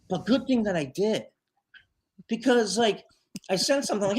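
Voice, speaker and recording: A man's voice: high-pitched, animated, normal speed. A man chatting as a guest on a live show, leading a tribute band and telling a winding story. He keeps stacking fillers and restarts, then jumps into little acted-out quotes of the people in it. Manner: rambling, full of fillers, acts out quoted lines. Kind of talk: casual storytelling in a live interview.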